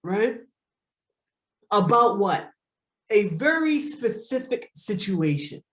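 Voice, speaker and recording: A man, a relationship counselor, teaching a group session and repeating key points slowly with frequent "right?" checks. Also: sits high, very animated, fairly bright tone. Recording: roomy echo.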